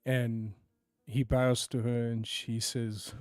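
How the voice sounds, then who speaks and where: A man narrating a tabletop game as game master, often sinking to hushed tones for dramatic moments. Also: mid-range voice, flat delivery, slow pace, smooth, no room sound, faint music behind.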